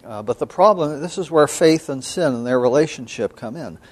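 A male seminary professor gives a biblical studies lecture in a voice of ordinary pitch. He speaks in a measured, thoughtful way, with frequent hesitations. Now and then he clears his throat. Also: expressive.

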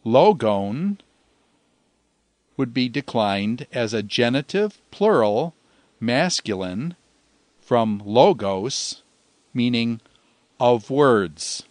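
A man teaching a grammar lesson in a measured way, pausing often and drawing out phrases so listeners can repeat them. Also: mid-range voice, big pitch swings, a little mellow, dry recording. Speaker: Greek teacher. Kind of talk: slow, deliberate grammar lecture.

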